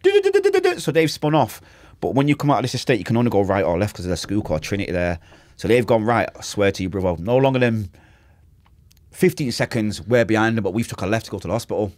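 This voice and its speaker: A man with a Manchester accent tells his story as a podcast guest, rattling through it at high speed. His voice sits low, and the sound is dry and close with no room echo. He acts out quotes and gunshots and talks in street slang. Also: quick pace, darkish tone. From Manchester, England. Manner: street slang, swears oaths. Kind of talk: casual storytelling interview.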